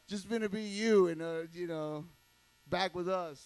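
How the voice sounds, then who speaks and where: A man's voice: high voice, a little slow, clear, resonant tone. A man doing loose, crude stand-up, rambling and tacking "okay" onto his lines. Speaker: stand-up comedian.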